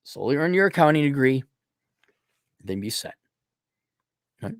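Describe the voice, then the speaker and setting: Blunt, animated man ranting on a livestream. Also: medium pitch, unhurried, no room sound, clean studio sound. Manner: blunt, profane, animated, frequent throat-clearing. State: losing his voice. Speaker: livestream host reading viewer donations. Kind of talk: blunt opinionated livestream rant.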